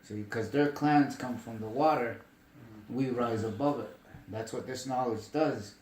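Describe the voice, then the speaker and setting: A man telling stories in casual conversation, emphatic and animated, often asking if the listener follows. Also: mid-range voice, unhurried, roomy sound, a little hiss or hum, rough recording. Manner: animated, emphatic, asks "you get me?". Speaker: storyteller. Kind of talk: casual storytelling chat.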